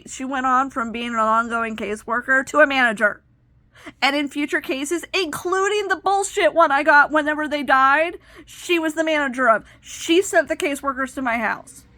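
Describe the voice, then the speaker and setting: Bright-voiced woman in her thirties, indignant. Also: high-pitched, no echo. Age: 30s. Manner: emotional, indignant retelling. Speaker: vlogger. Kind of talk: personal storytelling.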